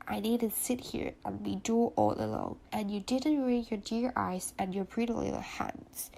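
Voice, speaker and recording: A woman's voice: medium pitch, expressive, unhurried, creaky, mellow, slight background noise. Woman reading a fond condescending husband. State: stuffy nose from a cold.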